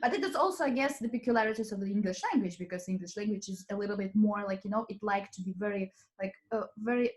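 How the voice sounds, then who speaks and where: A woman's voice: medium pitch, quick pace, hardly any pauses, darkish tone. A woman with a light Russian accent, a native Russian speaker, hosting a casual chat full of fillers and laughter. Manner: chatty, lots of fillers and laughs. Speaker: host. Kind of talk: casual conversation.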